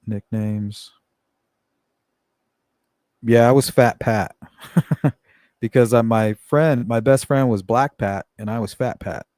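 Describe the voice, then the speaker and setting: A man's voice: mid-range voice, a little mellow, dry recording, clean studio sound. A middle-aged man hosting a casual live chat, blunt and profane, laughing often as he reads comments. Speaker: livestream host reading chat.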